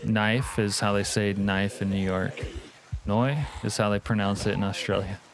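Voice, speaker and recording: A man's voice: lowish voice, flat delivery, moderate pace, background noise. A man live-streaming a zombie game, joking, cursing and reading chat aloud. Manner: profane, jokey, reads chat aloud. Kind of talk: casual live-stream commentary.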